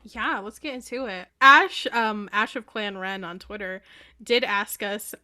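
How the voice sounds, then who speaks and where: A woman co-hosting a podcast, relaxed in casual chat, reading out listener questions. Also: mid-range voice, measured pace. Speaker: podcast co-host.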